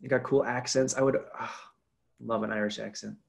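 A man's voice: mid-range voice, fairly even intonation, moderate pace, gravelly. A young man in casual chat, rambling with fillers as a podcast co-host.

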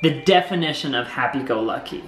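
A young man chatting in a family home vlog, talking softly and haltingly as he gets emotional. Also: medium pitch, expressive, faint music behind. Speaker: family vlogger. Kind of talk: casual family vlog chat. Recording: roomy home room with some noise.

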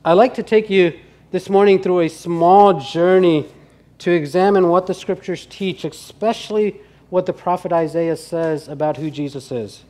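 A male pastor preaches in a conversational, earnest way, dropping his voice quieter on his most serious points. His voice sits a little higher than most men's. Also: normal speed. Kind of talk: sermon.

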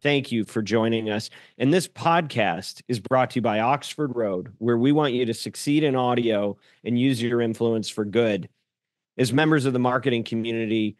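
A man's voice: mid-range voice, dry recording, clean studio sound. A man hosting, reading a scripted podcast outro and sponsor message. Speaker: podcast host.

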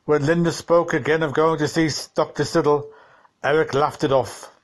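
A man reading a short story aloud in a measured, dramatic audiobook style. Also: fairly high pitch, fairly even intonation. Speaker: narrator. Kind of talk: audiobook narration.

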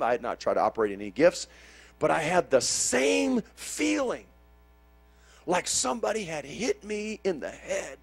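A man preaching a sermon, telling a personal story that swings from hushed to loud and fervent. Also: medium pitch.

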